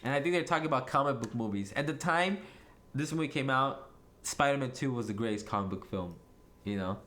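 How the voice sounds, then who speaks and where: A man's voice: mid-range voice, a little fast, a bit bright. A man directing a casual film commentary, chatty and laughing often. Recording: echoey room with faint noise.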